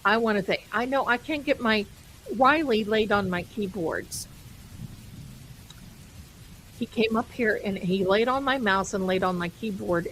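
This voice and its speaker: A woman's voice: medium pitch, slight background noise, rough recording. A woman hosting a live stream, chatting casually and rambling, amused by her own jokes and calling viewers her darlings. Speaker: livestream host.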